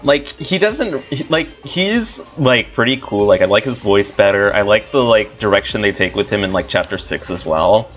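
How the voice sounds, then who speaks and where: A man's voice: on the low side, expressive, moderate pace, hardly any pauses, fairly bright tone, soft background music. A young man hosting a casual game playthrough, rambling with lots of fillers and laughter. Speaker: let's play host.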